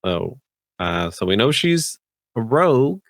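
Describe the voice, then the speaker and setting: A man's voice: medium pitch, sing-song, slow pace, dry recording, clean studio sound. A man who is a tabletop game player, chatting casually about the campaign, rambling with many fillers and restarts.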